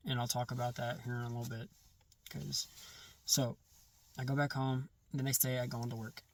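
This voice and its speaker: A man recounting a personal testimony in casual first-person storytelling, halting and often restarting or correcting himself mid-sentence. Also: medium pitch, flat delivery, recorded from a distance.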